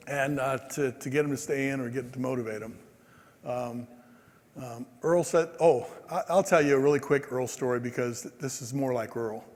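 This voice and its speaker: A man in his sixties giving a conference speech, telling stories in a lively way and acting out the people in them. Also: medium pitch. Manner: animated, acts out quoted people. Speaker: keynote speaker. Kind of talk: storytelling speech. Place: large convention hall. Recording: long hall reverb.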